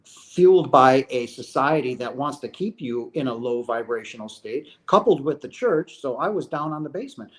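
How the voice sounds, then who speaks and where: A man's voice: medium pitch, expressive, moderate pace. A middle-aged man hosting a question-and-answer video, speaking in an earnest, emphatic way and often checking in with "right?". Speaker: host answering viewer questions. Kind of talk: casual spiritual talk.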